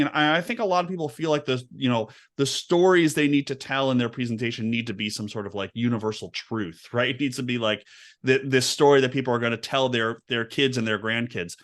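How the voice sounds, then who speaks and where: A man's voice: on the high side, fairly bright tone. A man hosting a podcast interview, summing up points and asking questions with hesitant restarts. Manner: summarizing, frequent backchannels, hesitant restarts. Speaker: podcast host. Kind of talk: conversational interview.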